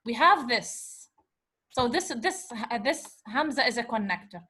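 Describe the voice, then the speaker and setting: A woman teacher with a high, bright voice leads a recorded revision lesson. She takes her time, sounds words out syllable by syllable, and keeps asking whether the class is following. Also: lively intonation. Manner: slow, patient syllable-by-syllable decoding; switches between English and Arabic words. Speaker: Arabic teacher.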